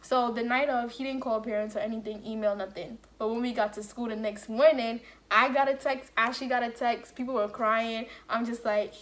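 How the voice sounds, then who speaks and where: Young woman vlogger with a fairly high voice, chatty story-time delivery, acts out quotes. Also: brisk, few pauses. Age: young adult. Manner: animated storytelling with acted-out quotes and lots of "like". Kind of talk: casual story-time chat.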